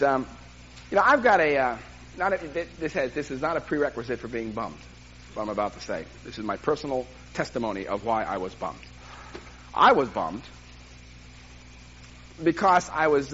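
Older man, pastor, sermon, animated storytelling, faint room noise. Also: medium pitch, lo-fi sound. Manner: animated, self-deprecating storytelling with laughs.

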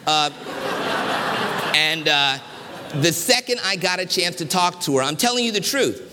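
A man's voice: a little high, animated, unhurried, long reverb tail, very noisy. A middle-aged man from Washington, D.C., preaching a sermon in a church and telling personal stories with humor, varied pacing and emphasis. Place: church sanctuary.

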